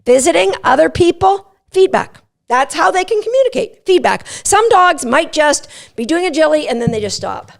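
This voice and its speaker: A woman who hosts a podcast and trains agility dogs, teaching in an animated, emphatic, playful way. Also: sits high, moderate pace, vocal fry. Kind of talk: instructional podcast talk.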